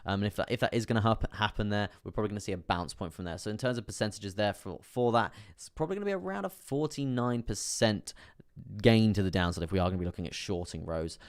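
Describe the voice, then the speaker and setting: Low-voiced man doing live crypto analysis. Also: quick pace, clean tone, no echo, clean studio sound. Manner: repetitive, reassuring, chatting with viewers. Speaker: crypto live stream host. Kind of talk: casual live chart analysis.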